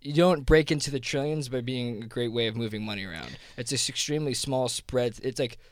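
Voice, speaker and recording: A man's voice: mid-range voice, fairly quick, no echo, studio quality. A man with a South Jersey accent talking casually, rambling with lots of fillers and restarts. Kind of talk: casual conversation.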